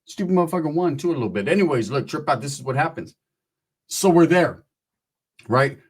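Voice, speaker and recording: A man telling a profane comic anecdote in an animated way, often tossing in a quick question to the listener. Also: on the high side, husky. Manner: profane, animated, keeps asking "right?". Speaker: storyteller.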